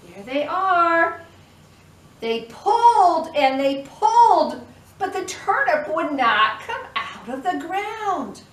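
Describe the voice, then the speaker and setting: A woman telling a storytime tale to toddlers, an expressive storyteller who makes the animal noises herself. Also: extremely high pitch, slow pace. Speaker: children's librarian. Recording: echoey room, mic at a distance.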